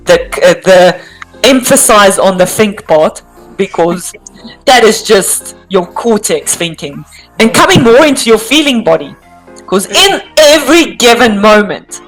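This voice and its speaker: A woman's voice: mid-range voice, sing-song, unhurried, faint music behind, rough recording. A woman from South Africa with a South African accent, a guest speaking thoughtfully and hesitantly in an interview. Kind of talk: reflective interview talk.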